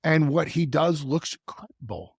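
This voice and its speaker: Man, raspy gravelly voice, lively swooping pitch, stumbling restarts, podcast guest. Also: measured pace, no echo, clean studio sound. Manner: animated, stumbling restarts, stretches words for emphasis. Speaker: wrestling manager guest. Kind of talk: podcast conversation.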